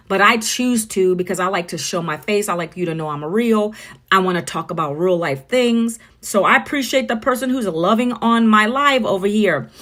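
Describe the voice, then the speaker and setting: A woman's voice: mid-range voice, a bit bright. A woman in her forties hosting a casual livestream from home, chatty and talking straight to her viewers. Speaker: livestream host.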